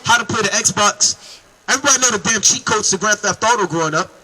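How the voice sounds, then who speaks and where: A man's voice: high voice, quick pace, sharp tone, poor audio. A man preaching on the street, emphatic and calling to his listeners as brother and man.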